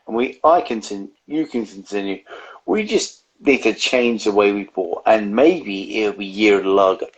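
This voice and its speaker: A man co-hosting a casual beer chat stream, rambling along with plenty of swearing. His voice is gravelly and rough, and his pitch rises and falls a lot as he talks. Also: expressive, moderate pace, lo-fi sound. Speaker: beer review co-host.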